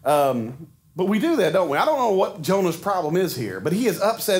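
A man's voice: fairly high pitch, very animated, brisk. A man preaching a sermon in a conversational way, often putting rhetorical questions to his congregation. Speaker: pastor.

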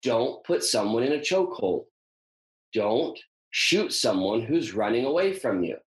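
A man's voice: mid-range voice, sing-song, measured pace. A man hosting an easygoing scripture discussion, stopping to search for words with plenty of uhs and ums. His voice carries a roomy echo, as if spoken in an open room. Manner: thinking aloud, frequent ums and uhs. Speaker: host teaching on scripture. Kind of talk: casual teaching talk.

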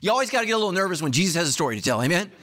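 Animated, lively-voiced male pastor. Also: rapid-fire. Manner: animated storytelling, acting out dialogue with big pitch swings. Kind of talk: sermon.

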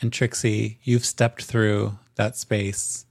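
Slow gravelly game master. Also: male voice, on the low side, no room sound, clean studio sound. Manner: slow, calm, descriptive narration. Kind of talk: narrating a tabletop game.

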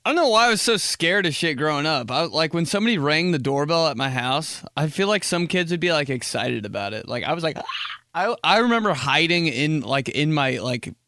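A young man in his twenties hosting a casual solo podcast, rambling and animated, with lots of "like" filler and quick jumps into jokey high voices. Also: dry recording, studio quality. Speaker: podcast host.

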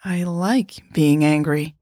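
A woman's voice: deep voice, steady tone, slow pace, dark tone, no echo. A woman reading a story voices a guarded, self-critical adult woman who speaks dryly and bluntly. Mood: reluctant. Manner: dry, blunt delivery.

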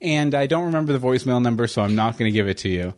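Male podcast cohost, mid-pitched voice, casual chatter full of "uh"s. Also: lively intonation, racing, very noisy. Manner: chatty, stammering with many fillers. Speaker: podcast host. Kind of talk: casual commentary chat.

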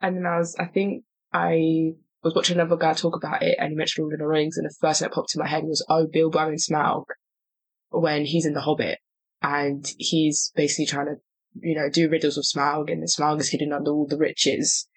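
A podcast co-host talking in a lively, emphatic, chatty way in a casual conversation. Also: medium pitch, brisk, slightly rough, no echo, low-quality recording. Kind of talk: casual chat.

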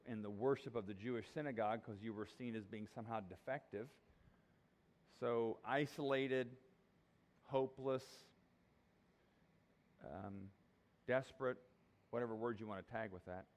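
A man's voice: mid-range voice, normal speed, long pauses. A conversational, joking male pastor. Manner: conversational, jokey, emphatic. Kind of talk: sermon.

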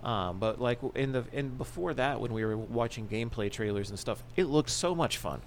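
An excitable man in casual podcast chat, swearing freely and breaking into laughter. His voice sits at an ordinary middle pitch. A faint hum of ambient noise lingers behind him. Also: brisk. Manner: excitable, profane, laughs often. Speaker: podcast co-host.

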